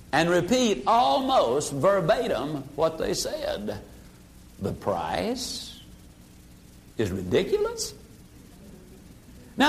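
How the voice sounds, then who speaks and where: An older man giving a sales seminar talk, acting out customers' voices and dropping his voice low for effect. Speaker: sales trainer.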